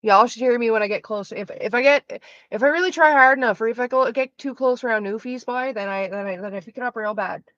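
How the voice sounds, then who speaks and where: A woman with a higher-pitched voice and a Canadian accent swears and jokes her way through a casual gaming stream. The sound is dull and lo-fi, dry and close with no room around it. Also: quick pace, a bit bright, dry recording. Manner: profane, joking, laughs easily. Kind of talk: casual chat while playing a video game.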